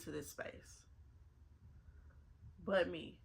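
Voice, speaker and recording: A woman in her twenties talks slowly and pauses often in a mid-range, somewhat bright voice. She's a vlogger doing a casual get-ready-with-me chat, speaking earnestly, repeating herself to make a point and fighting back tears.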